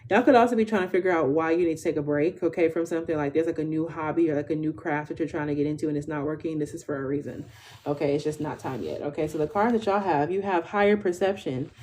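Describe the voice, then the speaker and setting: A woman's voice: deep voice, fast, a little mellow. A woman in her twenties giving a casual live tarot reading, chatty and slangy, tagging nearly every phrase with "okay?". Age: 20s. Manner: slangy, informal delivery. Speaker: tarot reader.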